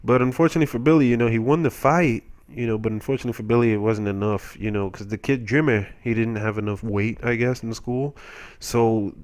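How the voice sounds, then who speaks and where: A man's voice: mid-range voice, fairly even intonation, quick pace, a little mellow. Rambling young man telling a silly story. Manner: rambling, self-mocking, playfully exaggerated. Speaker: commentator. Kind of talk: comedic storytelling over gameplay.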